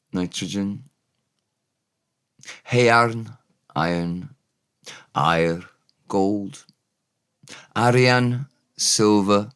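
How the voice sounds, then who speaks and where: A man giving a relaxed, off-the-cuff vocabulary lesson, repeating each word for learners. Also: sits low, very slow, pauses often. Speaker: Welsh language teacher.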